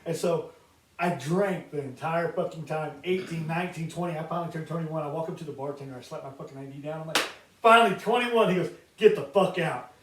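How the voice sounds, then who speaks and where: A man with a high voice chats casually as a podcast co-host. He tells swearing-laced stories and laughs often. He sounds set back from the mic in an echoey room. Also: steady tone, fast, hardly any pauses, noisy background. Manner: profane, laughing storyteller. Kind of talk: casual chat. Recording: roomy echo, distant mic.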